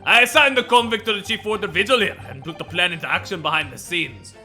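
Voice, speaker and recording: A man doing a put-on Scottish accent as a gruff, blustering prison governor while reading a video game aloud. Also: sits high, fast, sharp tone, faint music behind, pitched above the performer's own voice, heavily acted. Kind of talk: video game voice acting on stream.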